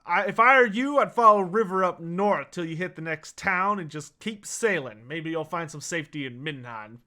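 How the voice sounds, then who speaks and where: A man voicing a wary, world-weary male informant who gives low, conspiratorial warnings. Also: expressive, normal speed, bright, forceful tone, heavily acted. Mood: gruff.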